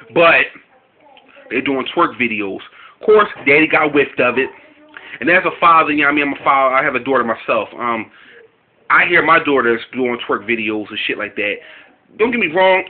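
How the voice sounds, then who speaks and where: A man with a fairly high voice delivers a loose, profanity-heavy rant, circling back and repeating himself as he talks. The audio is thin and tinny, like it was caught on a phone line. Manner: profane, rambling, animated street talk. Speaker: video commentator. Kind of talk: casual reaction rant.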